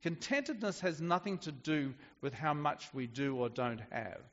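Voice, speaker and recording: A man's voice: on the high side, animated, moderate pace, fairly bright tone, long reverb tail, highs cut off. A man preaching a sermon in a conversational way, often restarting his sentences. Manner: conversational with frequent restarts and fillers.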